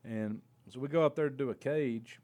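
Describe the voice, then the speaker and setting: A young man co-hosting a casual podcast, telling road stories with animated energy and frequent laughs. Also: medium pitch, normal speed, no echo. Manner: animated storyteller, laughs often. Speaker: podcast co-host and indie wrestler.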